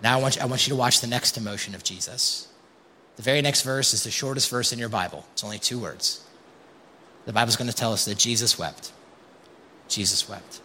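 A man's voice: mid-range voice, sharp tone, slight background noise. A man preaching an impassioned sermon as pastor, often calling his listeners "you guys". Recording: long hall reverb.

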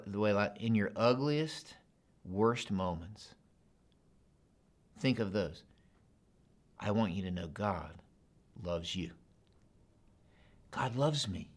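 A man preaching a sermon in a conversational, animated way, building to emphatic repetition. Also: fairly low pitch. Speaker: pastor.

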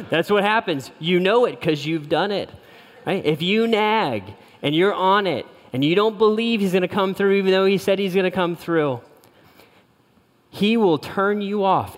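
A middle-aged pastor preaching on love and marriage. He speaks with lively storytelling and acts out the quotes in a raised, animated voice. His voice rings with the long reverb of a large hall. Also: high-pitched. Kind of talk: sermon on marriage.

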